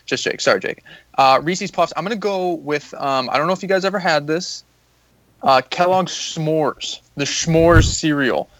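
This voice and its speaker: Male co-host, slightly high voice, defensive and passionate, dry close recording. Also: normal speed, a bit bright, no room sound. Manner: passionate and defensive, with frequent fillers. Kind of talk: casual banter.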